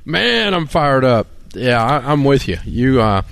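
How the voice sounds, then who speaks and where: A man's voice: mid-range voice, very animated, a little slow, gravelly, clean tone, no echo. Exuberant male radio show host. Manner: exuberant, shouts and laughs, many mm-hmms. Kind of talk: enthusiastic talk radio hosting.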